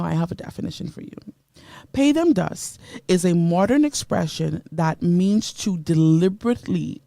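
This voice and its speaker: A woman's voice: fairly low pitch, gravelly, mellow, no room sound. A woman from the Bahamas hosting a motivational radio show, emphatic and preachy, greeting listeners by name from a studio mic.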